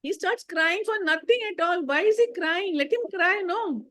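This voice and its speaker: An older woman, telling family stories in a casual chat, animated and laughing often as she acts out the people she quotes. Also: very high-pitched, normal speed, no room sound. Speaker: guest.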